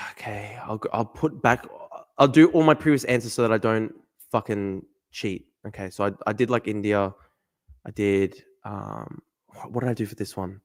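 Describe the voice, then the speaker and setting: A man's voice: fairly low pitch, normal speed. A rambling, cursing male livestreamer. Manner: rambling, swearing, muttering asides and exasperated outbursts. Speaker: livestream host. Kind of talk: casual livestream commentary while playing a guessing game.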